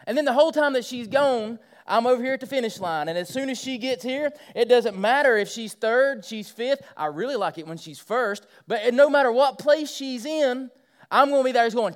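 A middle-aged man preaching a sermon, moving from quiet storytelling into loud, impassioned preaching. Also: very high voice, lively intonation, moderate pace. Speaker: pastor.

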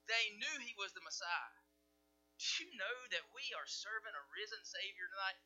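A man preaching a sermon as pastor, swinging from loud declarations to hushed asides. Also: high-pitched, fairly quick, muffled recording, faint music behind.

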